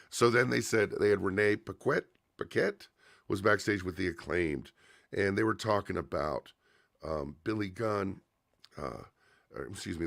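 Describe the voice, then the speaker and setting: A man's voice: sits low, creaky, a bit bright, dry recording, studio quality. A man hosting a livestream, casually reviewing a wrestling show in a chatty, opinionated way with frequent fillers and restarts.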